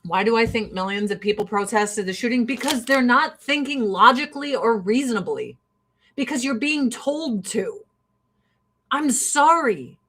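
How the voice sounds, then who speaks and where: A woman's voice: fairly high pitch, lively intonation, moderate pace, fairly bright tone. A woman host delivering a heated, sarcastic, profanity-laced rant. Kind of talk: ranting commentary.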